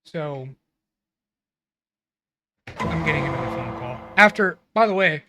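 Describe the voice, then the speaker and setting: A man's voice: fairly high pitch, animated, brisk, music in the background. A man co-hosting a casual film review podcast, recapping scenes in a blunt, rambling way and swearing freely. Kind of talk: casual chat.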